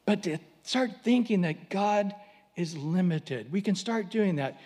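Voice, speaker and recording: A man's voice: high voice, animated, unhurried, darkish tone. A man preaching a sermon, telling vivid stories with dramatic swings and humorous asides. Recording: long hall reverb.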